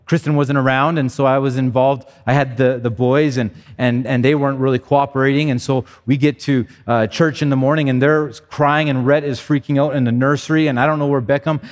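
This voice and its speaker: A man's voice: mid-range voice, fairly even intonation, fairly quick, few pauses, in a large hall. A man in his thirties preaching a sermon as pastor, earnest and conversational, often restarting his phrases. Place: church sanctuary.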